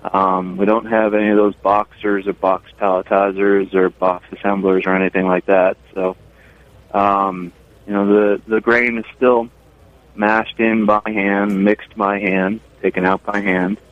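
A brewer calling in by phone, chatting casually and telling relaxed stories about his brewery. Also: lowish voice, unhurried, no room sound. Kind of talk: casual radio chat. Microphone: phone line. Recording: tinny phone line.

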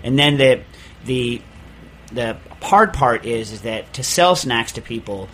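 A man's voice: mid-range voice, expressive, measured pace, fairly bright tone, a little hiss or hum. A man hosting a podcast in casual chat, ranting in an exasperated way and restarting his sentences often. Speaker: podcast host.

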